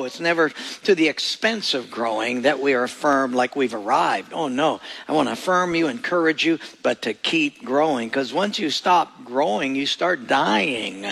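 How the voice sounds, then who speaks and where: A man's voice: a little high, creaky, fairly bright tone. A male pastor preaching a sermon in a folksy, joking storytelling manner. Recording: echoey church hall.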